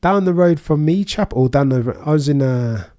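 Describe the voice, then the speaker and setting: With a fairly high, mellow voice, lively intonation and a moderate pace, a young Birmingham-accented English host chats casually through a live race watchalong. He reads viewer comments aloud and throws in dry quips.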